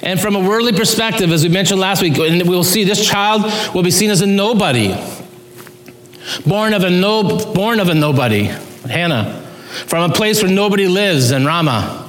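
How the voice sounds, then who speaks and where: A man's voice: high voice, normal speed, a bit bright. Emphatic male pastor in an echoey hall. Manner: earnest, emphatic preaching with sudden rises and drops. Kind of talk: sermon.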